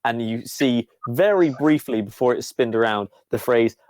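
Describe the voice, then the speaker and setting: A man's voice: mid-range voice, normal speed, darkish tone, no echo. A man running a tabletop game as game master, narrating in a rambling way with many fillers.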